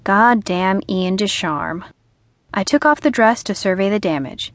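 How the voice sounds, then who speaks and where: A woman narrating a humorous novel in the first person, with a lively storytelling manner, recorded on a studio microphone. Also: mid-range voice, measured pace, dry recording. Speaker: audiobook narrator.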